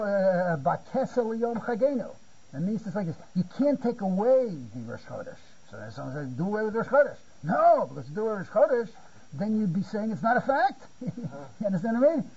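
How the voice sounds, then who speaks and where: A man's voice: sits high, big pitch swings, a little fast, dark tone, husky, dull audio. A man giving a Torah lecture, often repeating words and checking "you see?". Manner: repeats words while searching for phrasing, asks "you see?". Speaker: Talmud teacher.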